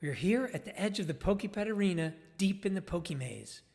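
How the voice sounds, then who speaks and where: A man's voice: high voice, animated, fairly quick, gravelly, a little mellow. A man playing an eager, awestruck male nature filmmaker narrating with enthusiasm, recorded with long reverb. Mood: zealous. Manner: enthusiastic, wide-eyed. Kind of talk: dramatized monologue.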